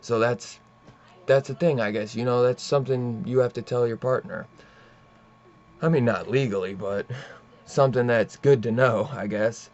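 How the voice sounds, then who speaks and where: Brief: young male reviewer, loose and profane, mid-pitched, slightly muffled lo-fi sound. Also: moderate pace, a little mellow. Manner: rambling, profane plot retelling with many fillers. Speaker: comic book reviewer. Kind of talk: casual comic book review.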